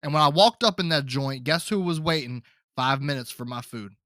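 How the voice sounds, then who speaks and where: A man's voice: fairly high pitch, moderate pace, pushed and bright, dry recording, clean studio sound. A man hosting his own podcast, talking to listeners in a loose, rambling way and calling them folks. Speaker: podcast host. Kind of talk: casual solo podcast chat.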